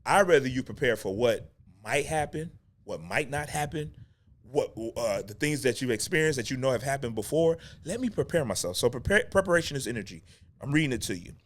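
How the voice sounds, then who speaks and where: A man's voice: medium pitch, animated, fairly quick. A middle-aged man hosting a talk show for actors, ranting with emphatic repeats and casual slang. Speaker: acting coach and podcast host. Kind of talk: unscripted talk-show rant.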